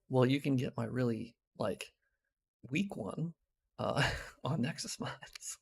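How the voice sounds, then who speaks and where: A man streaming a hard video game live, talking to himself and his chat, excitable and swearing constantly. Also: mid-range voice, slow, creaky, a little hiss or hum. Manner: excitable, swears a lot, talks to himself while playing. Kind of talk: live gameplay commentary. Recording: loud game music behind voice.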